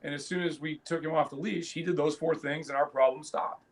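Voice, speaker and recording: A lively, higher-voiced male podcast co-host. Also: brisk. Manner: animated storyteller, laughs loudly, frequent restarts. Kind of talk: casual chat.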